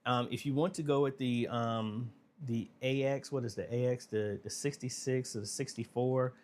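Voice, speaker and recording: A man's voice: fairly low pitch, slight background noise. Easygoing man hosting a live Q&A. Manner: relaxed, conversational, frequent fillers, reads viewer questions aloud. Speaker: livestream Q&A host. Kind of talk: casual livestream Q&A.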